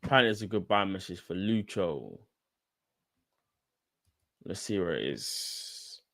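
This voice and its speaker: A man's voice: deep voice, big pitch swings, measured pace, vocal fry, fairly bright tone, dry recording, studio quality. A man hosting a live fan stream, talking casually and in slang straight to his chat. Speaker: fan channel host.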